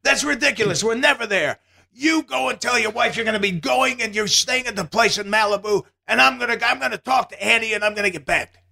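A man doing an impression of an excitable older comedian, loud and gushing. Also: high-pitched, vocal fry, voice pushed up, exaggerated voice. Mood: excited. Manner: loud, gushing, rapid-fire.

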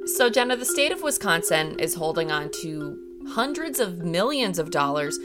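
Woman host tossing out questions, lively lowish voice, music playing clearly behind. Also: moderate pace. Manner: prompting questions, conversational. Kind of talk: casual news discussion.

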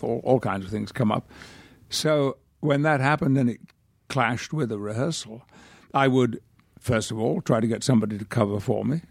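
Wry older man with a gravelly voice. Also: mid-range voice, a little mellow, dry recording, clean studio sound. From north of England. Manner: measured, articulate, wry storyteller. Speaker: guest actor. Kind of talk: anecdotal interview storytelling.

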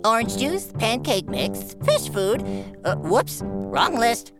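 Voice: medium pitch, very animated, slow, over loud music. A voice actor playing a goofy, cheerful male cucumber who co-hosts a cartoon podcast, teasing and joking. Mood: playful. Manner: jokey, teasing, giggly. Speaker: co-host.

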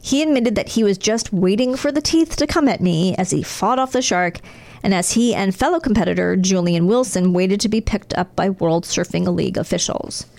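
A woman's voice: mid-range voice, moderate pace, creaky, darkish tone. A woman co-hosting a casual chat, reading news aloud with joking asides and frequent laughter. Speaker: podcast co-host.

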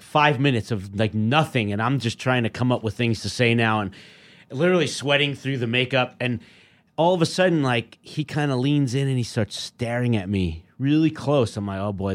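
A man's voice: mid-range voice, normal speed. A middle-aged man, a podcast guest, telling a story in casual chat and acting out what people said. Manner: animated storyteller, acts out quotes.

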